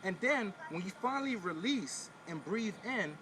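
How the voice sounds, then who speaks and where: In a casual video, a spiritual wellness teacher walks the viewer through a breathing and pelvic floor exercise, repeating his instructions and addressing the camera directly in a coaching way. His voice is high, animated and pushed, with a bright edge and a moderate pace. A slight hiss or hum sits under the recording.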